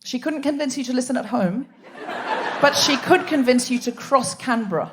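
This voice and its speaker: A woman raised in Australia hosts a live comedy podcast from a theatre stage. Her voice sits high and she teases the crowd in quick, playful banter. The live recording carries a lot of noise. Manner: playful, teasing audience banter. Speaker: host.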